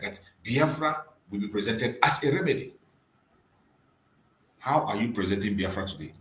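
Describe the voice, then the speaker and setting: Fiery, preaching man with wide pitch swings. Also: reverberant, poor audio. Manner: rhetorical, repeats questions, swings between loud emphasis and quiet drops. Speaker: channel host and activist commentator. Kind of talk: impassioned political monologue.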